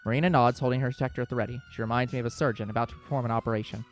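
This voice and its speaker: A man's voice: mid-range voice, soft background music. A man hosting a let's play, reading a visual novel's narration aloud with small slips. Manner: quick, steady storybook reading with small slips.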